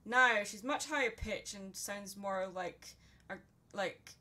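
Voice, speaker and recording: A woman's voice: medium pitch, takes it slowly, pushed and bright. A young Scottish woman with a Scottish accent, chatting casually and joking while she draws on a live stream. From Scotland. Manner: chatty, joking, laughs often. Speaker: streamer and artist.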